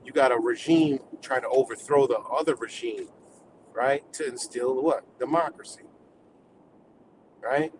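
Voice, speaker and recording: A man's voice: medium pitch, a little slow, pauses often, background noise. A man from the United States on a live stream, delivering a heated, profane, rambling rant.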